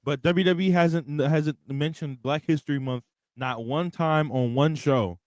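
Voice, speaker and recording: A young man co-hosting a wrestling podcast, ranting in an animated, profane way. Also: on the high side, measured pace, no echo. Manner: animated, profane, reads out superchats. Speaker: podcast co-host. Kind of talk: casual wrestling podcast rant.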